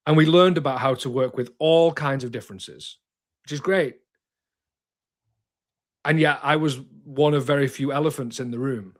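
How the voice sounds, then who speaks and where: A man in his thirties, a therapist, speaking candidly in an interview, direct and emphatic, sometimes swearing and restarting his sentences. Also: medium pitch.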